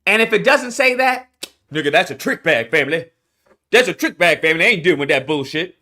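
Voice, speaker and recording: A man reacting to news clips in profane, animated commentary, incredulous and blunt. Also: fairly high pitch, quick pace.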